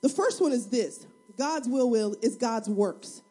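Woman pastor, high voice, animated and funny sermon delivery, talks straight to the pews. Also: a little slow, slightly rough. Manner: animated, humorous, acts out prayers and everyday scenes; conversational, addresses the congregation directly.

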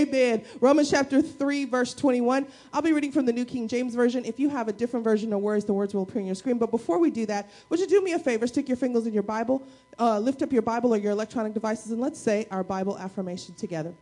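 During a church service, a woman pastor preaches energetically to her congregation, using call-and-response and playful asides. Her voice is a little high and her pace quick.

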